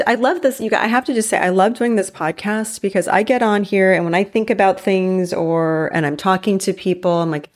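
A woman in her forties talks through a solo podcast episode in an upbeat, chatty way. Her voice sits a little low, and she leans hard on her main points, slowing right down to drive them home. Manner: upbeat, chatty and emphatic, slows down to stress key lines. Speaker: podcast host. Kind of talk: solo motivational podcast talk.

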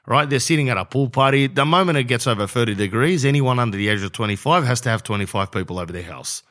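A young Australian man talks through a rambling comic monologue on his podcast. He is brash and jokey, veers off topic and throws in plenty of slang. His voice sits at an ordinary pitch. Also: animated, quick pace, fairly bright tone. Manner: rambling, brash and jokey, says bro a lot. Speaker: podcast host. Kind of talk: comedic podcast monologue and host-read ad.

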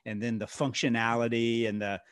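A man co-hosting a podcast, speaking in a measured way and summing up his partner's points. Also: mid-range voice, level tone, a bit bright, smooth, dry recording, studio quality. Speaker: podcast co-host. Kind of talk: casual podcast conversation.

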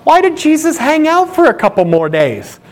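High-voiced preacher guy, super animated sermon, swings up and down a lot. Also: moderate pace. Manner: animated, emphatic storytelling. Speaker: pastor.

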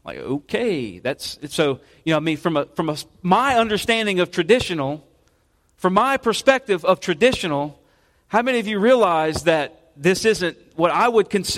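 A man, a pastor preaching a casual, halting sermon full of restarts in a church sanctuary. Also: sits high, a bit bright. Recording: long reverb of a church sanctuary.

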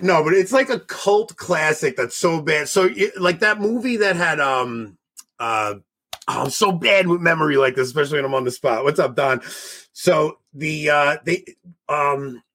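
A male host chatting on a live stream over a video call. His voice sits a little high and husky. He swings up and down in pitch as he rambles and jokes through his restarts. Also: lively intonation, moderate pace, fairly bright tone. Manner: rambling, joking, full of restarts. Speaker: show host. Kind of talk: casual live-stream chat.

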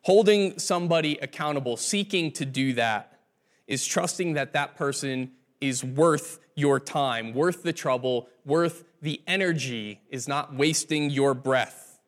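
Male pastor, slightly higher voice, telling stories as he preaches to his congregation. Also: unhurried. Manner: conversational storytelling preaching. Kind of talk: sermon.

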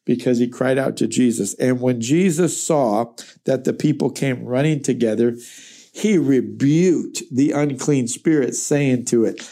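A man's voice: medium pitch, unhurried, warm tone. A man giving a verse-by-verse Bible teaching, reading passages and then explaining them in an earnest, emphatic, conversational way.

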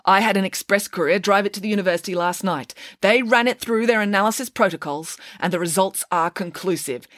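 A woman's voice: mid-range voice, brisk, fairly bright tone, no echo, clean studio sound, pitched above the performer's own voice, close to an everyday voice. A woman voicing an unflappable, matter-of-fact young girl detective in a storybook reading. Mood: triumphant.

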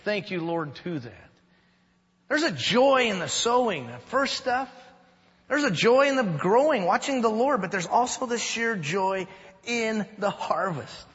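A man's voice: high-pitched, a bit bright, in a large hall, muffled recording. A man preaching a sermon as pastor, conversational, with jokes and rhetorical questions. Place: church sanctuary.

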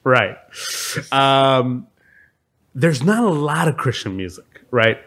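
A man's voice: mid-range voice, expressive, slow, a bit bright. A man co-hosting a casual podcast, joking easily and laughing as he talks about leading worship. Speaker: podcast co-host and worship leader.

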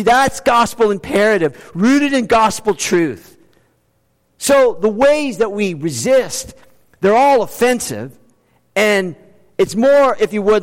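High-voiced man preaching in an echoing hall. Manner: conversational preacher with quick bursts and slowed emphasis; reads scripture aloud and adds humor. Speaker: pastor. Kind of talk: sermon. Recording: long reverb of a large hall.

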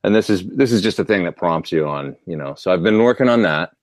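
A man's voice: low-pitched, expressive, fast, dry recording, clean studio sound. A man chatting casually and at length, answering viewer questions about gear and hobbies. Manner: rambling, chatty. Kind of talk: casual chat.

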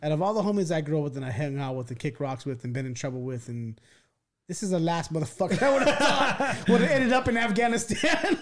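A man's voice: fairly high pitch, fast talker. A man hosting a casual podcast chat, slangy, profane and teasing. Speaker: podcast host.

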